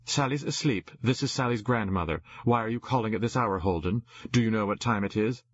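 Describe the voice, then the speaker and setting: A man's voice: on the low side, fairly quick, breathy edge, dry recording. A man voicing a cold, stern elderly grandmother who speaks curtly, on a dull lo-fi recording. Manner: cold and curt.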